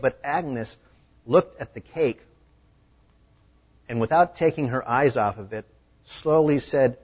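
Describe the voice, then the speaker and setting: A man preaching a sermon, telling a story with animated voices. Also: mid-range voice, a little slow, long pauses, husky. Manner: animated, acting out the scenes. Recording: dull lo-fi recording.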